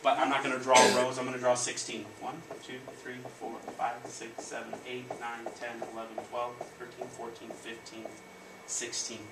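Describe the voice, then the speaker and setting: A man's voice: mid-range voice, moderate pace. Man teaching a class, echoey room. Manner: energetic, directive, call-and-response prompting. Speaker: elementary school teacher. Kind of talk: leading a classroom math lesson. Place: elementary school classroom. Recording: echoey classroom, distant mic, background noise.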